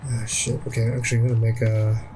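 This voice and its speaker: A man giving casual, excitable gameplay commentary, swearing often and yelling at the game. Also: medium pitch, quick pace, music in the background. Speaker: let's play co-host.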